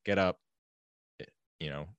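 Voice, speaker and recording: A man hosting a podcast in casual chat, hesitant and halting with restarts. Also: sits low, smooth, dry recording, muffled recording.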